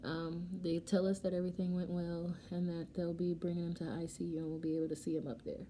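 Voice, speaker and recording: A young adult woman vlogger casually telling a personal story while doing her makeup, animated and emotional, acting out what people said. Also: on the low side, fast talker, a little hiss or hum. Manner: emotional, animated retelling with quoted dialogue. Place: home, getting ready.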